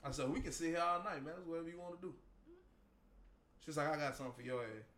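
A man telling a story in casual, profane chat, loud and animated, breaking into laughter. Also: a little high, fast talker. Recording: roomy echo.

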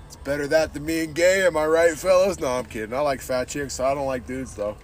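A man's voice: on the high side, fairly even intonation, a little fast, few pauses, faint music behind. A man hosting a podcast, ranting casually and bluntly, swearing often and calling everyone "dude". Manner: profane, says "dude" constantly; blunt and opinionated. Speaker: podcast host.

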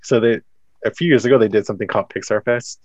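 A man's voice: on the low side, fast, dry recording, dull audio. A man hosting a casual chat about a film, talking loosely with lots of fillers. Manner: chatty, leans on "like". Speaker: podcast host.

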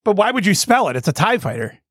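A man's voice: very animated, fast, husky, no echo. A man hosting a crude hot-talk radio show, brash and mocking, close and dry on the mic. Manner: brash, mocking, mimics others in high voices. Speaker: host.

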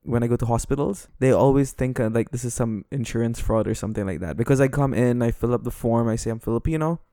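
A man from Dubai with a smooth, resonant voice and an international Western accent. He co-hosts a casual chat, joking in a dry way and talking straight to his listeners. The recording is close and dry. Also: mid-range voice, fast talker, warm tone, no room sound. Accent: international Western English. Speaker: podcast co-host.

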